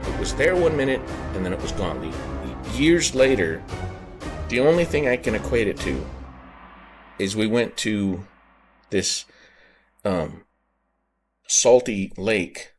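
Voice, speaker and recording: A man with a fairly low voice recounts a personal brush with the paranormal for his podcast. He talks earnestly, pausing and rephrasing as he searches for the right words. Clear music plays underneath him throughout. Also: animated. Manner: earnest, halting, circles back and rephrases. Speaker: podcast host. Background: background music.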